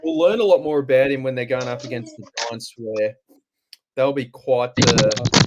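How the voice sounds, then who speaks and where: An Australian man hosting a live stream, relaxed and chatty, often pausing on "uh" and "um" as he talks. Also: medium pitch, highs cut off, heavy background noise. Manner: relaxed, chatty, halting with fillers. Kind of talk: casual live stream chat.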